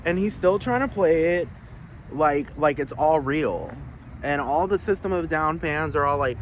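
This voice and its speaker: A man's voice: fairly high pitch, lively intonation, moderate pace, fairly bright tone, slight background noise. A man vlogging a heated, profane rant with many restarts, outdoors. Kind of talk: casual ranting monologue.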